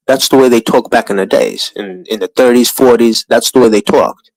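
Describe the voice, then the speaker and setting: A man's voice: lowish voice, a little fast, no echo, poor audio. A man with a New York accent hosting a livestream, rambling in crude, profane casual chat. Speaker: livestream host.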